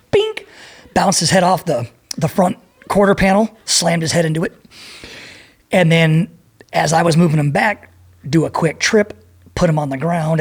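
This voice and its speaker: A middle-aged man telling a profane, animated story as a podcast guest and acting out the people in it. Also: on the high side, creaky, slightly rough. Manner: profane, animated, acts out voices in his anecdote. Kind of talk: storytelling in a casual interview.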